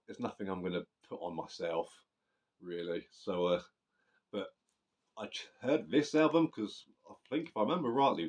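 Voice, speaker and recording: A man with a very low voice reviews a metal record in loose, rambling chat. He swears freely and keeps restarting his sentences. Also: a little mellow. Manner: rambling, sweary, self-correcting. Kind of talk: casual spoken album review.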